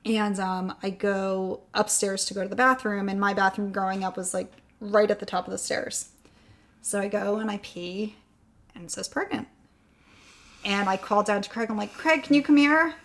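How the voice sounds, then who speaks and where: A woman guest on a podcast, telling a personal story with lively quoted dialogue that turns soft and quiet on the hard parts. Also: mid-range voice, normal speed. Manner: animated, acts out quoted dialogue.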